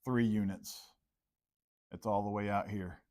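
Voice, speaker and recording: A math teacher gives a classroom lecture, plotting problems on the board as he talks and quizzing students by name. His voice is on the low side and warm, with fairly even intonation and a slightly slow pace.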